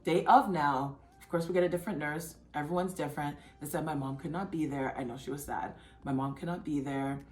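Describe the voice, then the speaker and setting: A woman vlogger casually telling her own story in a chatty, animated way. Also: brisk, few pauses. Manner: chatty, animated, acts out others' lines in a high excited voice. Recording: echoey room with faint music.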